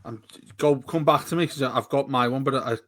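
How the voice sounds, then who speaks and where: A man's voice: mid-range voice, a little fast, fairly bright tone, dry recording, clean studio sound. A man co-hosting a football fan podcast, talking in a rambling, casual way with frequent restarts. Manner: rambling, restarts often, laughs while talking. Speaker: podcast co-host. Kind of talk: casual chat.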